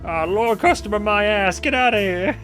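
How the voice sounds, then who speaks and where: A man's voice: high voice, very animated, moderate pace, fairly bright tone, soft background music, pitched above the performer's own voice. A stingy, bitter newspaper vendor, as a man puts him on, forever griping about his lot. The voice is raised and whiny, with a complaining edge. He sounds like a small businessman who takes every lost sale personally. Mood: grumbling. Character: grumpy male newspaper vendor, penny-pinching and bitter.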